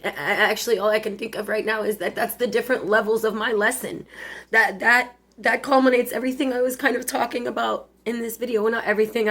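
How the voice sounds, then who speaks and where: A tearful woman in her forties pours out a personal confession straight to the camera. Her voice sits a little high and sounds husky and breathy, and she stumbles and restarts as the feelings rise. It is an intimate, unscripted vlog. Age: 40s. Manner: emotional, halting, with many restarts. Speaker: vlogger.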